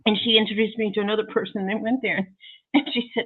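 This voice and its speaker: A woman's voice: a little high, fairly quick, breathy edge. Chatty woman guest, laughs a lot, pokes fun at herself, sounds thin like a phone line. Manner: bubbly, laughs often, self-deprecating. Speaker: podcast guest. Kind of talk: casual interview chat.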